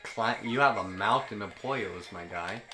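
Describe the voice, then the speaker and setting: A young man hosting a casual gaming session, trash-talking and breaking into loud, cursing outbursts. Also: fairly low pitch, unhurried, rough recording. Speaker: gaming podcast host. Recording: music playing behind.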